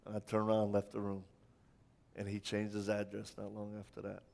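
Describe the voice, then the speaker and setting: A man preaching a sermon in a church, impassioned, firing rhetorical questions and stumbling over quick restarts. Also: fairly low pitch, completely flat delivery, creaky, darkish tone. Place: church sanctuary. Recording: long church hall reverb.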